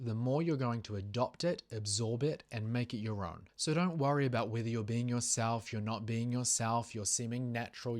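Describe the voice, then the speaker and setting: A man with a New Zealand accent giving a sales training talk in a measured, deliberate and emphatic coaching manner. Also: medium pitch, darkish tone. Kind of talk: instructional talk to camera.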